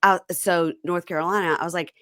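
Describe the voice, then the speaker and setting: A woman's voice: lowish voice, fairly even intonation, a bit bright, no echo. Chatty middle-aged woman host, dry sound. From Mississippi. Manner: chatty, laughs often, quick asides. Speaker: podcast host. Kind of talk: casual chat.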